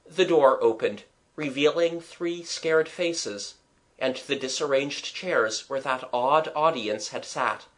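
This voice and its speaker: A narrator reading a children's audiobook in an expressive storytelling manner. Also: mid-range voice, slow.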